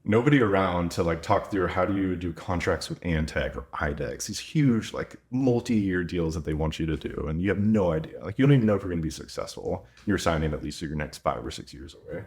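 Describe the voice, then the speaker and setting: Deep-voiced man telling stories. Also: animated, fairly quick, hardly any pauses, a little mellow. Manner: chatty, quotes himself and others, lots of "like". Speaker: veterinarian and clinic owner. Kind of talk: casual podcast storytelling.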